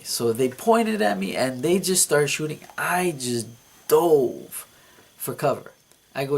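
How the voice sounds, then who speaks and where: A man vlogging, telling a story from his dream in a casual, animated way, repeating words and laughing at himself. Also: mid-range voice, measured pace, breathy edge.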